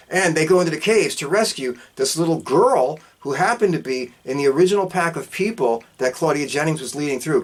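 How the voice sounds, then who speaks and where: Loose, profane man recapping a film. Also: medium pitch. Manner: loose and profane, with catchphrase asides. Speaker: podcast host reviewing a film. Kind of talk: casual plot recap.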